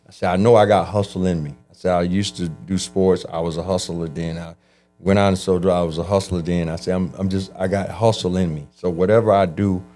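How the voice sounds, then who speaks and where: A man telling his life story in an interview, animated and acting out the voices of people he quotes. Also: low-pitched, brisk, faint music behind. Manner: animated, acts out quoted voices, frequent restarts. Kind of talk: conversational storytelling.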